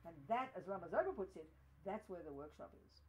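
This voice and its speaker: A woman's voice: lowish voice, expressive, brisk, a little hiss or hum, low-quality recording. A woman giving a Buddhist teaching to a study group, talking emphatically with many "you know"s. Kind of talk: dharma teaching talk.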